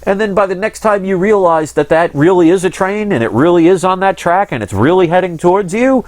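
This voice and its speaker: A man's voice: high voice, lively intonation, brisk, no echo. A man hosting his own channel, talking in a casual monologue that is earnest, rambling and frustrated. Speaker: channel host.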